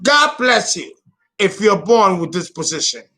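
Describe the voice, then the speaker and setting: A man's voice: high voice, sing-song, a little slow, pushed and bright. A man hosting an astrology channel, talking casually and theatrically, often exclaiming and laughing at himself. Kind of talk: casual solo astrology talk.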